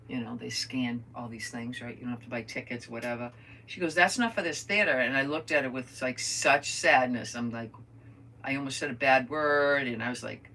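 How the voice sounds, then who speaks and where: A woman's voice: very deep voice, a bit bright. An older woman chatting casually to viewers while she crafts at home, rambling through stories and talking to them as friends. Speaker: crafter vlogger.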